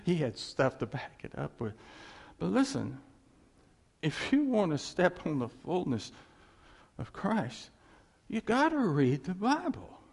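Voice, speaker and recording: A man's voice: mid-range voice, gravelly, husky. A man preaching an informal sermon in a folksy way, repeating his points and chuckling between phrases.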